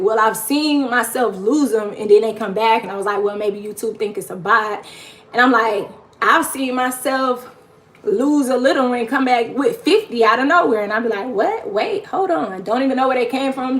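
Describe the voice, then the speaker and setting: Woman livestreamer, rambling and encouraging, voice a touch high, loose casual chat. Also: a bit bright. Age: adult mother of four. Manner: rambling, heavy with "like" fillers; encouraging, faith-filled. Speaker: YouTube live streamer.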